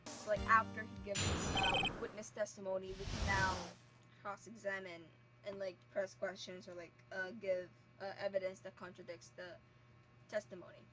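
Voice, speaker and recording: A woman's voice: mid-range voice, level tone, moderate pace. A young woman streaming a game, rambling casually and poking fun at herself, full of filler words. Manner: rambling, self-deprecating, many filler words. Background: loud game music.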